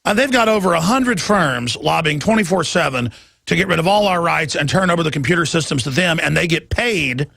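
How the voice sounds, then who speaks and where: A man hosting a radio talk show, ranting in a heated monologue and often shouting as his pitch climbs. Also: creaky, no echo, clean studio sound. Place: radio studio.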